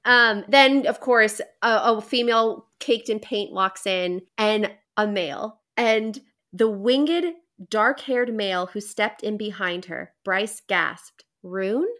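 A woman's voice: medium pitch, takes it slowly, a bit bright. A young woman hosting a podcast, rambling enthusiastically through a casual book recap full of fillers. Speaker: podcast host.

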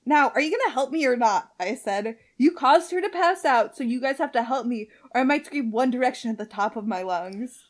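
A young woman with a high voice narrates a fan fiction aloud for a comedic show. She reads quickly and keeps breaking off to laugh and comment on the story. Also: lively intonation.

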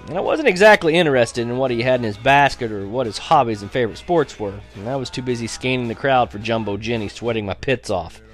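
A man's voice: mid-range voice, fast talker, few pauses, soft background music. A man narrating a teen story as an audiobook, in a wry, sarcastic tone that breaks into laughs.

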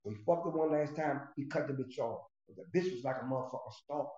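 A man's voice: medium pitch, quick pace, mellow. A middle-aged man casually telling a story from his past, streetwise and profane, rambling with restarts. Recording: roomy, slightly dull recording.

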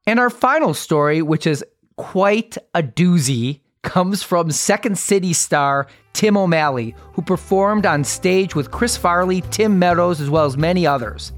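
A woman's voice: on the low side, animated, measured pace, no room sound, soft background music. A woman host reading a short scripted introduction to the next story. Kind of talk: scripted podcast narration.

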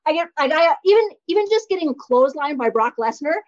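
A woman with a high voice talks through her memories in a reflective, filler-laden way. Her audio is dull and lo-fi, with the highs muffled. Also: lively intonation, fast talker. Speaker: guest, former wrestler. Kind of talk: casual interview chat.

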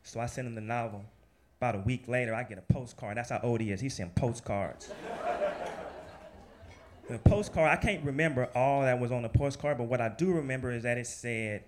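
A man tells his own story with a loose, animated energy, swearing casually and breaking into laughter. He slips into quick voices for the people he quotes. His pitch sits squarely in the middle range. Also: a little hiss or hum. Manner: acts out other people's lines in lively quoted voices. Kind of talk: live personal storytelling.

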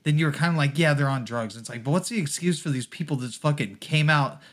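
A man's voice: fairly high pitch, quick pace, a bit bright. A man co-hosting a podcast, ranting profanely in casual chat and laughing often. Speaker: podcast co-host.

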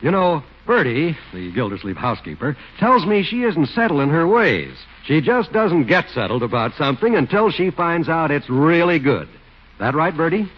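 A man announcing on a 1940s radio show, with brisk, smooth sales patter. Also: fairly high pitch, big pitch swings. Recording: dull 1940s radio recording with music.

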